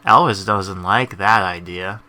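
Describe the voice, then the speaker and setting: A man giving casual let's-play commentary, rambling and sarcastic, with a very bright, forceful tone. Faint game music plays beneath his talk. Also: deep voice, unhurried. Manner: sarcastic, rambling, laughs at the story. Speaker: gaming channel host.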